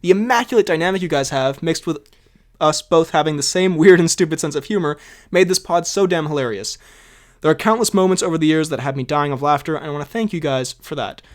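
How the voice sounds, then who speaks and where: A man's voice: a little high, fast talker. A young man co-hosting a podcast, reading out listener comments with jokey asides and frequent laughter. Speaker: podcast co-host.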